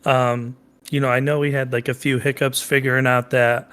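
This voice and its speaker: A man's voice: medium pitch, flat delivery, normal speed, a bit bright, smooth. A young man with a mid-range voice, slightly stuffed up. He talks in a chatty, casual way and drops the odd swear word. He is a son co-hosting a family podcast with his father. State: a little stuffed up.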